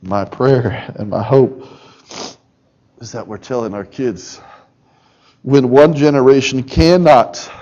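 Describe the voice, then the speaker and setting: A middle-aged pastor preaching a sermon in a church, impassioned and near tears, dropping to a soft, low voice and rising to loud, urgent pleas. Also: male voice, highs cut off. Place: church sanctuary.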